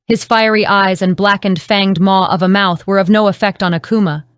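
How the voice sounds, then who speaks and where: A woman narrating an audiobook in a measured, dramatic reading. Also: medium pitch, fairly even intonation, clear, resonant tone, dry recording, studio quality. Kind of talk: scripted narration.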